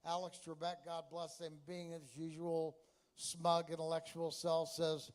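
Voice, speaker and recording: A man's voice: a little high, monotone, measured pace. A man from Texas doing a stand-up comedy routine, brash and chatty, with crude punchlines.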